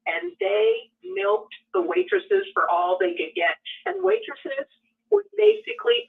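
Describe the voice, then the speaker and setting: A woman's voice: very high voice, very animated, unhurried, creaky. A woman co-hosting a talk show, speaking in an indignant, emphatic way. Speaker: co-host. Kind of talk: casual radio talk. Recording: tinny phone line from a distance.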